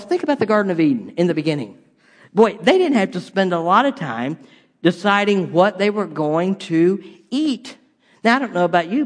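A man preaching a humorous sermon as pastor, animated and swinging between loud punchlines and quiet dramatic drops. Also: high voice.

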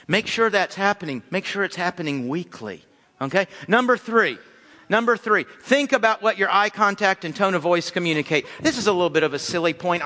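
A man preaching on marriage as a pastor, animated and conversational, acting out little asides as he goes. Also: high voice, big-room sound. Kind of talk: sermon on marriage.

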